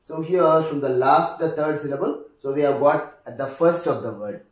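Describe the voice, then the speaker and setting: A man with an Indian English accent teaching a lesson on word stress, speaking deliberately and repeating each example word. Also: fairly high pitch. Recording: echoey room, distant mic.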